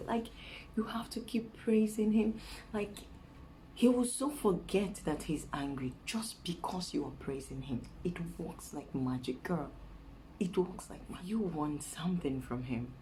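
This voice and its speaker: A young Nigerian woman with a Nigerian accent, giving chatty dating advice in a casual vlog and dropping into a soft coaxing voice to act out sweet talk. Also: lowish voice, lively intonation, a little slow, background noise.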